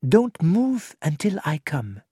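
A reader voicing an excitable, precise detective who asks probing, urgent questions. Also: medium pitch, slow pace, slightly rough, no room sound, studio quality, heavily acted.

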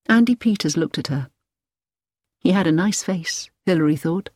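A woman's voice: sits low, lively intonation, moderate pace, darkish tone, husky, no room sound, studio quality. Woman narrating a story. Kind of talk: scripted audiobook narration.

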